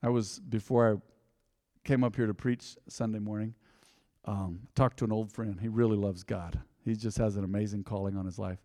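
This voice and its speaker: A man's voice: lowish voice, fairly even intonation, normal speed, warm tone, no room sound, studio quality, big-room sound. A man preaching a sermon as pastor, talking in a loose, joking way and calling on the congregation to answer back. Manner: conversational, joking, calls on the congregation to respond. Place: church sanctuary.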